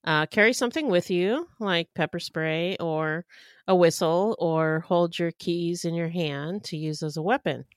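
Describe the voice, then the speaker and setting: Calm, smooth-voiced woman co-host. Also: lowish voice, no room sound, clean studio sound. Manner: calm and measured, giving practical advice. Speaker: podcast co-host. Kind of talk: casual true-crime podcast chat.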